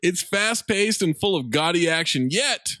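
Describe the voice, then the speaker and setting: A man's voice: high-pitched, lively intonation, normal speed, pushed and bright, no echo. Podcast co-host, male, reads review quotes with a swooping, theatrical delivery; dry, close sound. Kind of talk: reading film reviews aloud on a comedy podcast.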